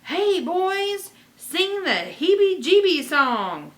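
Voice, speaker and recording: Woman reading peppy jazz trumpet guy from a storybook, high and bright. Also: moderate pace, exaggerated voice. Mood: excited. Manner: excited calling out. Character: lively grown man jazz trumpeter.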